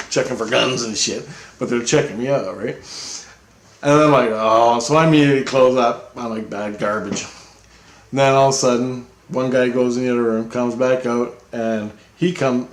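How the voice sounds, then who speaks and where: A man's voice: medium pitch, roomy sound. A man telling a rambling personal story in a casual, profane way, laughing often as he talks.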